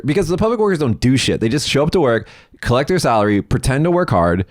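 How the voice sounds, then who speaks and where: A man co-hosting a podcast, telling stories in a casual, animated and profane way. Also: mid-range voice, fast, dry recording, studio quality. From United States. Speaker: podcast co-host.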